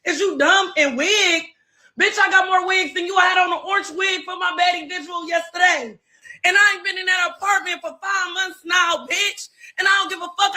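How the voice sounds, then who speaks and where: A woman yelling a profane, taunting tirade. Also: extremely high pitch. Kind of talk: shouted live-stream tirade.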